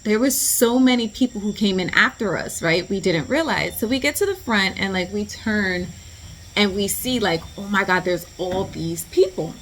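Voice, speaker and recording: A woman vlogger shares a storytime, chatty and animated, at a middle pitch for a woman and a normal speed. She leans on slang, says "like" constantly, and turns to address the viewer in asides. There's slight background noise.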